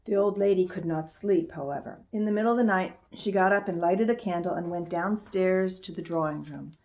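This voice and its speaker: A woman calmly reading a children's book aloud, in an expressive storyteller's voice. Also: lowish voice, brisk. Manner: calm, expressive read-aloud voice.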